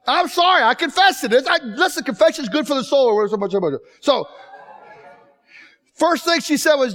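Male chapel speaker, very high voice, humorous storytelling sermon. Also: expressive, brisk. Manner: joking, then emotional and shouting.

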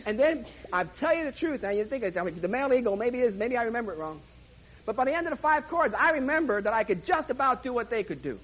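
A male preacher with a strikingly high, sharp, bright voice tells a comic personal story in an animated sermon style, acting out sound effects along the way. The recording sounds dull and lo-fi, with faint noise behind him. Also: fast.

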